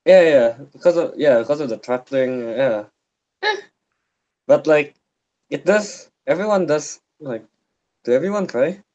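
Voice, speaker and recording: A man's voice: fairly high pitch, lively intonation, unhurried, long pauses, darkish tone. A man with an Indonesian accent co-hosting a casual podcast, talking hesitantly. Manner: hesitant, many fillers and restarts. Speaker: podcast co-host. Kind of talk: casual chat. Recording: dull lo-fi sound.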